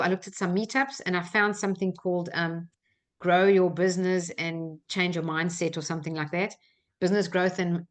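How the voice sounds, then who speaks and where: A woman's voice: on the low side, fairly bright tone. A middle-aged woman with an Australian accent, hosting a personal development webinar and telling stories in an earnest way with frequent fillers. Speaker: coach and webinar host.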